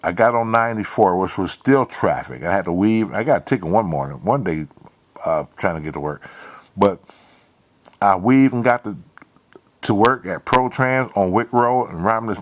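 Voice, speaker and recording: A middle-aged man, telling a long personal story with lots of swearing and repetition. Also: lowish voice. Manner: profane, repetitive, emphatic. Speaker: channel host. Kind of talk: storytelling monologue.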